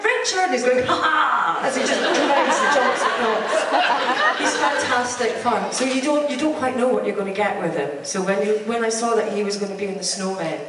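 A Scottish-born woman with an estuary English accent, telling bubbly, laughing anecdotes as a panel guest. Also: fairly high pitch. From Scotland. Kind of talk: live panel storytelling. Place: convention hall on stage. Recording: echoey hall from far off.

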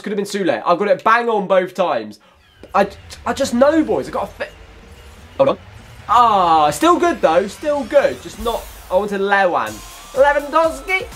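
Excitable young gamer, lively pitch. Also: male voice. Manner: excitable, shouts at big pulls, chatty asides to viewers. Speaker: gaming YouTuber. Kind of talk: excited gaming commentary.

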